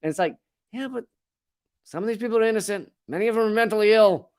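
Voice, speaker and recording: A man's voice: high-pitched, fast, a little mellow, clear, resonant tone. A man in his forties hosting a comedic political monologue, sardonic and profane, riffing with asides while reading news stories. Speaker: comedian and political commentary host.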